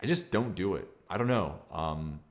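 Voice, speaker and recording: A man's voice: low voice, expressive, moderate pace. A young man streaming casually, talking in a rambling, candid way with many restarts and fillers. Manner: reads viewer comments aloud. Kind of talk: casual livestream talk.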